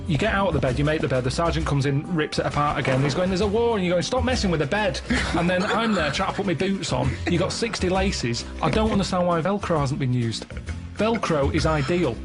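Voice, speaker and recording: A man co-hosting a comedy radio show, telling rambling stories in a deadpan way. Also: a little high, brisk, hardly any pauses, over music. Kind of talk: casual comedic radio chat. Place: radio studio.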